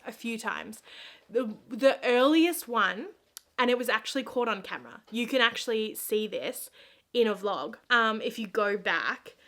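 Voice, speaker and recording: A young woman talks straight to her viewers while she does her makeup at home. Her voice sits a little high, and she speaks in an earnest, rambling way, full of "like" fillers and restarts. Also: fairly bright tone. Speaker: vlogger. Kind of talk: casual get-ready-with-me chat.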